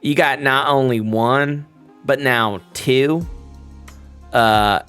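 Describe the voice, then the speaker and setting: Give me a smug vampire prince, put on by a man, drawling his threats in a folksy, mock-friendly way. His voice sits well above the narrator's own and comes out louder, with soft music playing behind. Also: medium pitch, extremely slow, smooth, pitched above the performer's own voice. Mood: scolding.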